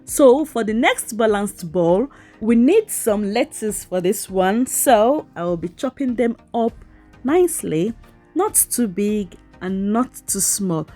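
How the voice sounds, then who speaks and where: A woman's voice: mid-range voice, sing-song, slow, warm tone, faint music behind. A woman cooking vlogger chatting playfully to her viewers, teasing and giggling as she talks them through a recipe. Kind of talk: voice-over cooking demo.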